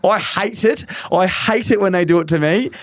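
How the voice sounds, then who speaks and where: An Australian man co-hosting a casual footy podcast, chatty and quick to laugh, with plenty of local slang. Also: sits high, no room sound, studio quality. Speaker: podcast co-host.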